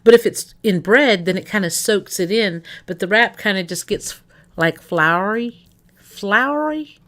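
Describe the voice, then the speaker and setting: A woman streamer with a bright, forward voice chats loosely with her audience. She rambles from thought to thought and keeps turning to talk to the viewers directly. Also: mid-range voice. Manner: rambling, chatty, addresses chat directly. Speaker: livestreamer. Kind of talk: casual stream chat.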